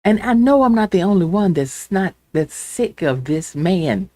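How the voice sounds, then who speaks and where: A woman hosting her own show, delivering an angry, impassioned political rant that swings from loud outbursts to hushed pleading. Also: medium pitch, lively intonation, measured pace, dry recording. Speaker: show host.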